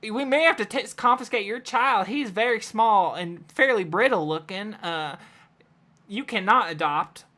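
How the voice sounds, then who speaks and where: A woman's voice: mid-range voice, animated, measured pace, pushed and bright, pitched above the performer's own voice. A woman voicing a stern male small-town sheriff.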